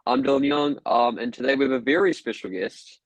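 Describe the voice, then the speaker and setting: A man's voice: mid-range voice, animated, a little fast, dry recording, poor audio. Young man hosting a dry-sounding podcast. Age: young adult. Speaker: podcast host. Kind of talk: podcast interview.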